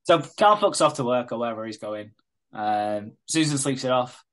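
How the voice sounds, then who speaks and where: A man's voice: mid-range voice, animated, moderate pace, fairly bright tone. A man casually retelling a soap plot on a podcast, sweary and jokey, quoting the characters as he goes. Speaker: podcast co-host recapping a soap. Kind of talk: casual storytelling chat.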